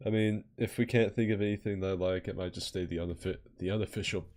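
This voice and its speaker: A man's voice: sits low, fairly even intonation, fast, a little mellow. A man hosting a podcast in casual chat, swearing and self-mocking, often laughing. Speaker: podcast host.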